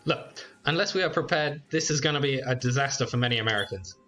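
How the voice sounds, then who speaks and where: Man reading lines as an earnest candidate from a fighting game, bright forceful tone, no accent put on. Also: mid-range voice, quick pace, faint music behind, lightly acted. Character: earnest male presidential candidate.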